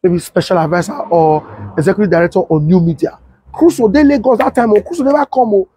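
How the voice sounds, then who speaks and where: A young adult man with a Nigerian Pidgin English accent, telling a story and acting out the voices of others in a husky tone. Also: fast. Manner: switches to high excited voice when quoting others. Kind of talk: animated storytelling with acted-out quotes.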